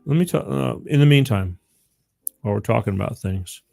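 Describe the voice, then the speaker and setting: A man's voice: medium pitch, lively intonation, brisk, creaky, a little mellow. A man hosting a live call-in show, talking casually and rambling, often repeating the phone number.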